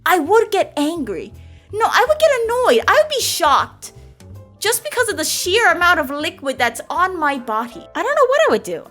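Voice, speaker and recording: A young woman with a high, bouncy voice that leaps up and down as she rambles through a quiz. She giggles often and jokes her way along, with faint music underneath. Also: a bit bright. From United States. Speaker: YouTuber and streamer. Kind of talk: casual quiz reaction vlog.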